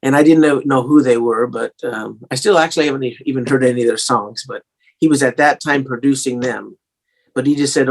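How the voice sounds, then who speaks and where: A man's voice: medium pitch, brisk. Guy with a bit of an english-sounding accent, rambling through old stories, lots of um and you know. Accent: slight English-tinged American. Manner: rambling, many fillers and restarts. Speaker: guest singer-songwriter. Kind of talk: casual storytelling interview.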